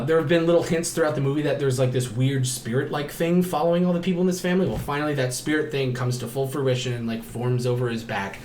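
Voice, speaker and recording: A man co-hosting a podcast, recapping a horror film in a casual, animated way, acting out the characters with gasps and shouts and swearing often. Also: medium pitch, roomy sound, a little hiss or hum. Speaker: podcast co-host.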